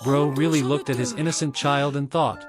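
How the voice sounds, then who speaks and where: A man's voice: fairly high pitch, steady tone, moderate pace. A man narrating scripted comedic commentary in a sarcastic, mocking roast style. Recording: loud music bed behind voice.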